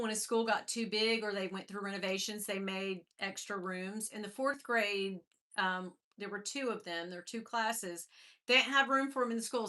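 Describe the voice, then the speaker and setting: A woman in her fifties hosts a live stream, chatting casually, greeting viewers by name and laughing a lot as she leads into a personal story. Her voice is medium-pitched, bright and forceful.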